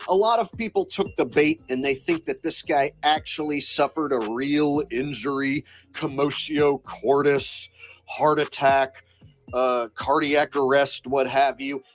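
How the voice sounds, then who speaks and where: A man's voice: a little high, unhurried, faint music behind. A man talking in a sarcastic, insistent way, delivering commentary for his video channel. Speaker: online commentator.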